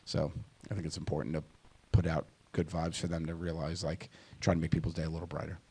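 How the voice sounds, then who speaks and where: Low-voiced man telling family stories. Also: quick pace, gravelly, breathy edge. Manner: animated, laughs often, acts out quotes. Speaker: guest. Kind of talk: casual conversational storytelling.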